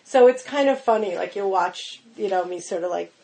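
A woman's voice: medium pitch, moderate pace, vocal fry. A woman guest on a podcast, telling stories in casual chat, full of "like" and "you know", and acting out what people said. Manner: animated storyteller, lots of "like" and "you know", acts out quotes. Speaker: guest, pastry chef.

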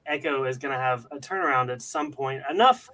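A man's voice: medium pitch, a little fast, bright, forceful tone, poor audio. A man hosting a casual podcast chat, thinking aloud and hedging with questions to the others.

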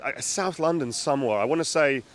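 A man's voice: mid-range voice, brisk. A man hosting a podcast, chatting casually with a dry, understated manner. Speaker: podcast host. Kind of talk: casual chat.

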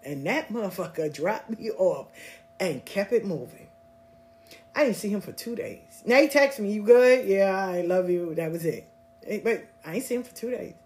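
A woman hosting a podcast, telling personal stories in a casual, blunt, animated way and swearing freely. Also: mid-range voice, moderate pace. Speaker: podcast host. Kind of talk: casual storytelling monologue.

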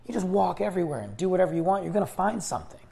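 Racing along in a warm, sing-song voice that sits high and turns creaky, a man hosts his own podcast. The solo monologue is rambling and conversational, with restarted sentences as he loses his voice.

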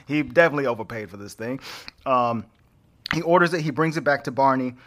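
A man hosting a podcast, recapping a film in an animated, chatty way and laughing often. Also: mid-range voice, quick pace. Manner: animated storyteller, laughs often, acts out characters. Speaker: podcast host. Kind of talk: casual chat recapping a film.

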